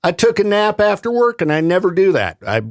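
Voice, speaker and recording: A man's voice: high voice, sing-song, fairly quick. A male radio host chatting casually with a co-host. He laughs often and sounds easygoing and sympathetic. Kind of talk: casual chat.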